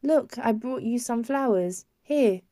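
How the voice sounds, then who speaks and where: A woman voicing a distressed grown-up sister near tears, pleading in a raised, high voice. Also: slow, warm tone, no echo, clean studio sound. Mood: hopeful. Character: distressed tearful grown-up sister, anxious, self-blaming. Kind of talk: audiobook character reading.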